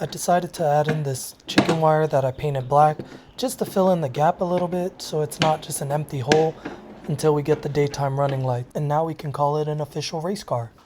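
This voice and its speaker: A car-build vlogger narrating a rebuild in an upbeat, excitable, jokey way. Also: medium pitch, background noise. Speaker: channel host.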